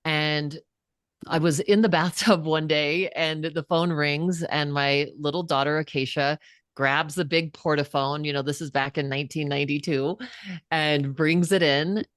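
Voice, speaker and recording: Woman in her fifties, low voice, dry close sound, earnest storyteller, interview guest. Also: dry recording. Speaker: guest, psychotherapist and author.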